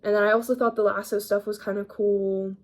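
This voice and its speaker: A woman's voice: medium pitch, flat delivery, fairly quick, darkish tone. An eighteen-year-old woman talking through her day in a casual, slangy, rambling vlog, a little sick with a cough. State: mildly sick, coughing up phlegm. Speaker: vlogger.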